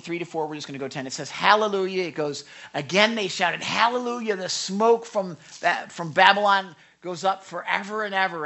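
High, bright-voiced male pastor preaching. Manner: emphatic, swings between loud and hushed. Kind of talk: sermon.

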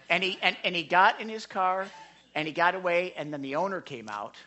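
A man preaching a sermon, telling a story in an animated way, often repeating words and restarting. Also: high voice, fairly quick. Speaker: pastor.

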